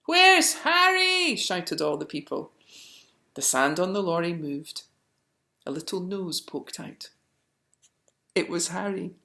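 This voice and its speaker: A woman reading a picture book aloud, slowly and expressively. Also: lowish voice, vocal fry. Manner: slow and expressive. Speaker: storyteller. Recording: roomy echo.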